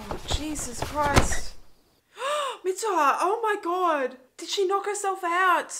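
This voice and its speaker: A woman's voice: very high voice, noisy background. A woman hosting a movie reaction, talking emotionally and exclaiming over what she sees. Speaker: host. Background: film audio and music.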